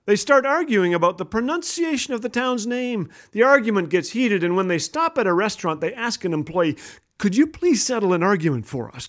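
Lively high-voiced man telling jokes. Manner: animated joke-telling with voiced characters. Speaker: radio host. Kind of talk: humorous devotional radio talk.

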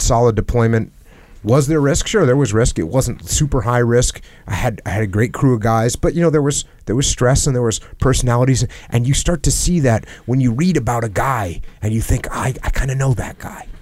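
A man's voice: medium pitch, a little mellow, no room sound, studio quality. A man hosting a podcast, talking earnestly in a reflective conversation and repeating phrases for emphasis. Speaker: podcast host. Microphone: headset.

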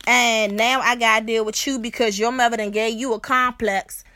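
A woman's voice: on the high side, moderate pace, slight background noise. A young woman hosting a podcast, telling a personal story in a blunt, profane, casual way and often checking in with her listener. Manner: blunt and profane, keeps asking "you know what I'm saying"; animated, acts out other people's voices. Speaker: podcast host.

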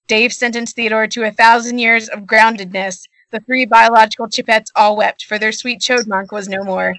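Casting: young podcast co-host, deadpan storyteller, bright tone, recorded over a video call. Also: female voice, on the high side, moderate pace, no echo. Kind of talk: reading a joke story aloud.

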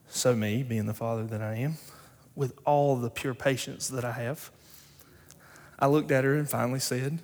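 A man's voice: mid-range voice, steady tone, moderate pace, darkish tone. A young man, a pastor, preaching a sermon in a storytelling way that builds into emphatic preaching. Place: church sanctuary. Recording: long hall reverb.

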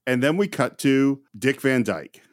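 A man's voice: medium pitch, lively intonation, a little slow, no room sound, clean studio sound. Chuckling male podcast host. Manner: chuckling, eager trivia-sharing. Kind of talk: casual film podcast chat.

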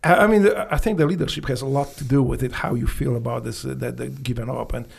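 A man from Poland with a Polish accent, a former Navy SEAL, telling stories bluntly and profanely in halting, broken English with many restarts. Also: medium pitch, gravelly, husky. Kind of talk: casual storytelling interview.

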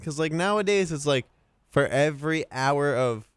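A man's voice: fairly high pitch, lively intonation, moderate pace, clear, resonant tone, dry recording. A man on a casual talk show who is laid-back and joking, and often asks off-topic questions.

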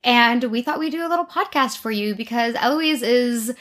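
A woman's voice: a little high, a bit bright. Effusive young woman podcast host. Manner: gushing, effusive, quick filler-laden talk. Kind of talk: casual chat. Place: bedroom.

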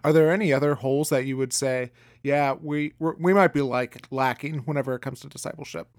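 A man's voice: mid-range voice, fairly even intonation, a little fast, no echo. Hesitant male podcast host, dry sound. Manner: hesitant, many ums and restarts. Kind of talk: interview questions.

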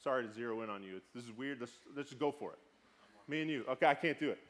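A man in his thirties preaching in a relaxed, conversational way. His voice sits at an ordinary middle pitch. He jumps from soft, near-whispered stretches to sudden shouted bursts. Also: racing. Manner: conversational preaching, swinging between loud outbursts and hushed, soft passages. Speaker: pastor. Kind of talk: sermon.

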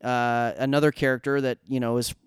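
A man chatting on a podcast in a very clean, resonant voice, recorded close and dry. He talks casually and with energy, tossing in quick asides and mimicking characters. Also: medium pitch, clear, resonant tone, dry recording. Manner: animated, quick asides, acts out characters' lines. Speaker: podcast co-host. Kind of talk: casual fan discussion.

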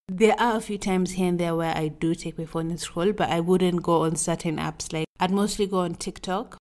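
This podcast host is a young woman with a lowish, slightly mellow voice, talking on her own show from a relative's house. Her chat is loose and rambling, with frequent stops to restate what she means.

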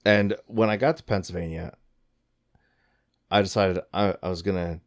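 A man in his thirties tells a story in casual chat, profane and excited, leaping into high voices whenever he quotes people. He speaks at a moderate pace.

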